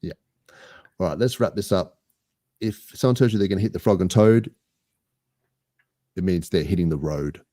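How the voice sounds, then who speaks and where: An Australian man with a very low, deep voice chats casually on a podcast. He rambles and jokes at his own expense. The sound is close and dry, with no room around it. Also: lively intonation, moderate pace, pauses often, mellow, no room sound. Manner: jokey, rambling, self-mocking. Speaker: podcast co-host. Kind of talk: casual banter.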